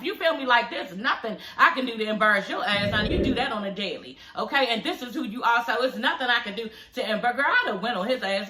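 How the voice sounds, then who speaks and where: A woman's voice: on the high side, animated, a little fast, few pauses, bright, forceful tone. Sassy woman ranting in an echoey room. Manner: sassy and blunt, swears freely, laughs often, many "you know what I'm saying" tags. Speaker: reality TV recap vlogger. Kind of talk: casual recap rant.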